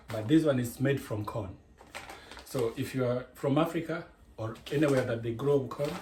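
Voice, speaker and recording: Explaining each step of a home cooking tutorial, a man with a Kenyan accent talks chattily and drifts into digressions. His voice sits in the mid range with a darkish tone, recorded in an echoey kitchen with a little background noise.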